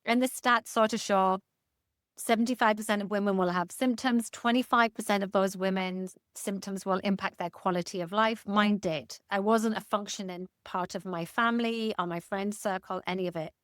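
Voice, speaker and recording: A woman's voice: mid-range voice, fairly even intonation, normal speed, dry recording, studio quality. A woman in her fifties, a guest expert in a casual podcast interview, talking candidly with jokes and casual swearing.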